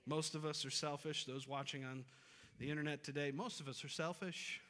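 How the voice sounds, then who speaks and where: A pastor preaching a Sunday sermon, talking conversationally and then building to emphatic, repeated phrases. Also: male voice, on the high side, fairly even intonation, fairly quick, bright, forceful tone. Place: church sanctuary. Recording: long reverb of a large hall.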